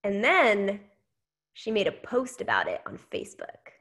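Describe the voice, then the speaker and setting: A woman in her thirties giving a casual training talk, telling a story with lively quoted dialogue. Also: mid-range voice, unhurried. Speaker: network marketing trainer.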